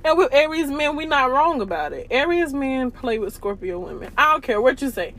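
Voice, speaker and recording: A woman's voice: high-pitched, sing-song, fairly quick, a bit bright. A young woman hosting a podcast, talking in a chatty, slangy way with frequent laughter. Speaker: podcast host. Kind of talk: casual chat.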